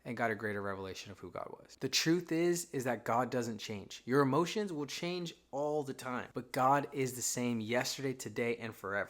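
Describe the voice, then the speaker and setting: A man's voice: medium pitch, moderate pace, few pauses. A young man giving a casual, conversational faith talk, now and then acting out his own inner thoughts. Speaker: Christian content creator.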